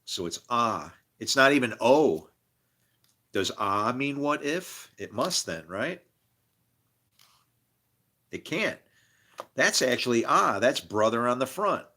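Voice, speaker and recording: Exasperated, slow-talking swearing man. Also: mid-range voice, sing-song, sharp tone. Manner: exasperated, laughing often, swearing; talks to viewers directly. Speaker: streamer studying scripture. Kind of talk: rambling live-stream monologue.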